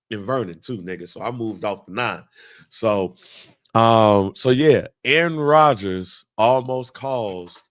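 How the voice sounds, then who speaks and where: A man's voice: fairly low pitch, fairly bright tone, no room sound. A man, telling a profane, laughing story as a talk-show co-host.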